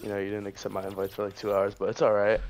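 A man's voice: lowish voice, completely flat delivery, very fast, darkish tone. A man joining a livestream call, playful and self-mocking. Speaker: guest on call. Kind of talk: casual livestream chat.

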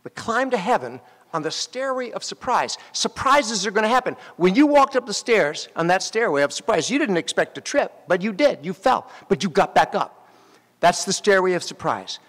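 A man, an actor, giving a graduation speech and telling animated stories straight to the graduates at the ceremony. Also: high voice, moderate pace. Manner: animated storytelling, addressing graduates directly. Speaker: commencement speaker. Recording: long hall reverb.

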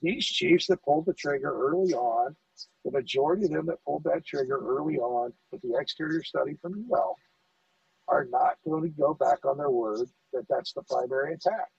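A middle-aged man, a fire lieutenant in a casual podcast conversation, telling animated stories and acting out the dialogue. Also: fairly high pitch, fairly quick, vocal fry, no room sound, distant mic. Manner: animated storyteller, acts out quoted dialogue, repeats words. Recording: dull dry audio, off-mic.

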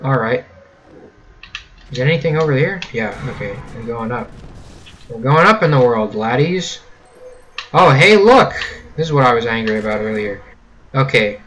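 A man's voice: mid-range voice, lively intonation, normal speed, long pauses, a bit bright, soft background music, poor audio. Young male let's-play host, loose and sarcastic as he comments on his run. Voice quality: jokey, sarcastic, with running 'gamer' gags. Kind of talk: casual gameplay commentary.

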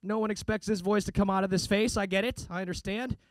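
A man's voice: high voice, fairly even intonation, quick pace, no echo. A man doing a stand-up comedy set, with a sarcastic, punchy delivery and mock voices. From United States.

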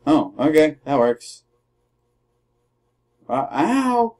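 A man doing let's play commentary, trash-talking his opponents and shouting battle cries. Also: fairly high pitch, sing-song, slow. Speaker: gamer.

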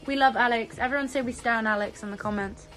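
A woman's voice: fairly high pitch, fast talker, faint music behind. Bubbly young woman on a phone livestream. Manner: bubbly, excitable, reads comments aloud. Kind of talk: casual live stream chat.

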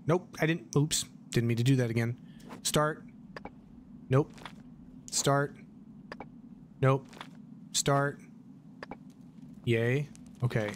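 A man's voice: mid-range voice, a little hiss or hum. A middle-aged man streaming a survival game, chatting casually, thanking viewers and swearing at scares. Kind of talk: casual live gameplay commentary.

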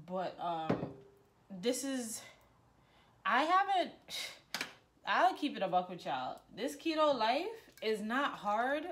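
A woman's voice: lowish voice, slight background noise. A young woman vlogging casually, playful and chatty, using lots of slang as she talks to her viewers. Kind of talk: casual chat.

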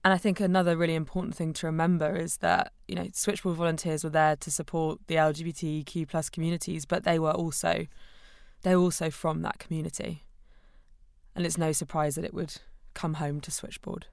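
British co-host, thoughtful, level and smooth, close dry mic. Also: female voice, low voice, little pitch movement, brisk, no echo. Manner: thoughtful, explanatory. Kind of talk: documentary conversation.

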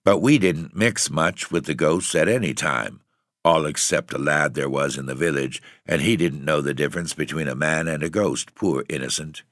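A man reading a ghost story aloud in a steady, measured way. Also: a bass voice, dry recording, clean studio sound. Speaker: audiobook reader.

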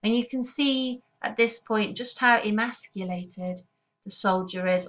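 Brief: female teacher, mid-pitched, measured and explanatory, recorded lesson. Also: a bit bright, rough recording. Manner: measured, explanatory, with occasional fillers.

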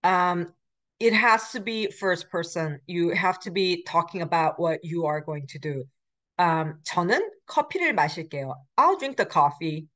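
Woman teaching a lecture, lower voice. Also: measured pace, fairly bright tone. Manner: explanatory, many fillers and restarts. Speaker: language teacher. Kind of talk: recorded lecture.

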